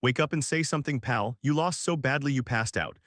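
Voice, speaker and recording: A man's voice: medium pitch, fairly quick, fairly bright tone, no echo, studio quality, lightly acted. A man voicing a reckless young male gamer who sides with goblins, speaking in a mocking, taunting way.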